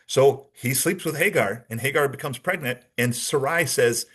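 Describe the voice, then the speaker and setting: A man's voice: mid-range voice, moderate pace, a bit bright, slightly rough. A man giving a training lecture with slides as a behavioral analysis trainer, conversational and demonstrative, often checking in with his audience.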